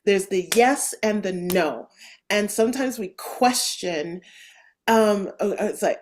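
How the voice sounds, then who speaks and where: A woman hosting a podcast interview, talking in an enthusiastic, animated way with lots of fillers and restarts. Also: mid-range voice, a little slow, a little hiss or hum. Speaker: podcast host. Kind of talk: casual interview chat.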